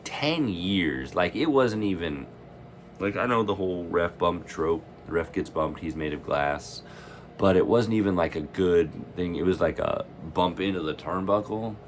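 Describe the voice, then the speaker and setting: A man's voice: deep voice, a little hiss or hum. A man casually ranting in a reaction vlog, rambling and opinionated. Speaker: wrestling fan vlogger.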